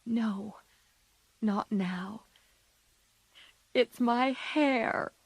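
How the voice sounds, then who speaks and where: A spirited, impulsive teenage girl, voiced by a woman reading aloud, earnest and emotional in a storybook reading. Slow, close and dry. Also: mid-range voice, dry recording, close to an everyday voice.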